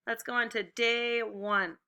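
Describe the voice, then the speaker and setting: In a phonics lesson video, a woman teaches first graders, calling out drill prompts slowly and with clear enunciation. She praises them in an encouraging, upbeat way, her voice fairly high, steady and sharp.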